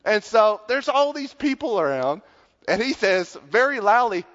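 A man's voice: sits high, moderate pace. Man preaching in an echoing church. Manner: conversational storytelling, rising loud when excited. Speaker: pastor. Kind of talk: sermon. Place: church sanctuary. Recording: dull sound with long church reverb.

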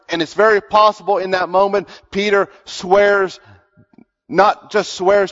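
A man preaching a sermon, retelling Bible stories in an earnest, emphatic way and repeating words to stress his points. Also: high voice. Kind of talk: sermon storytelling. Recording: long hall reverb, dull lo-fi sound.

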